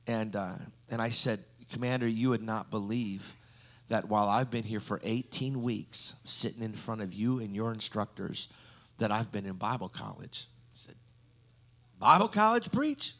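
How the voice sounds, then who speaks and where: Male preacher, low gravelly tone, rambling storyteller style sermon. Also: steady tone, normal speed, fairly bright tone. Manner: storytelling with frequent ums and restarts. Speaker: guest preacher.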